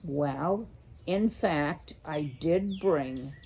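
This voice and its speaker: A woman's voice: deep voice, very slow, a little mellow, husky, heavily acted. A woman voicing a nervous, fawning father mouse straining to sound jaunty. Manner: jaunty, flustered.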